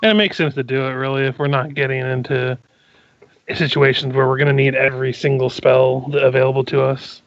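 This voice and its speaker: A man's voice: medium pitch, level tone, fairly quick, no room sound, lo-fi sound. A man playing a tabletop game casually, rambling with lots of filler words. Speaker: player.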